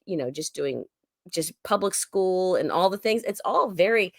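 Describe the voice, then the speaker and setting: A woman with a fairly low voice, swapping stories on a comedy podcast. She tells them with animation and acts out what people said. The sound is close and dry. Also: normal speed, creaky, dry recording. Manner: animated, acts out quoted dialogue. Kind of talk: casual chat, storytelling. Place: Oklahoma.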